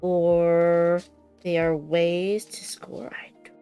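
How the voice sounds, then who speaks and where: A woman's voice: lowish voice, monotone, extremely slow, dark tone, smooth, faint music behind. A woman chatting casually and giggling as she unboxes a board game on a stream, thinking aloud as she goes.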